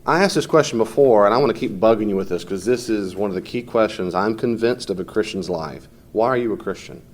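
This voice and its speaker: A man's voice: lowish voice, lively intonation, quick pace. A man teaching a class in a conversational, off-the-cuff way, fielding questions from students and often mimicking people in short quoted voices.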